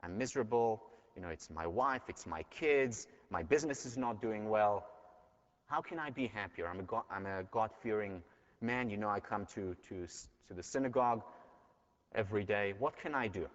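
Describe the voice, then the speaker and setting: A man's voice: on the low side, animated, moderate pace, natural voice. A man doing a pleading miserable villager. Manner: pleading, exasperated. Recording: dull lecture hall recording.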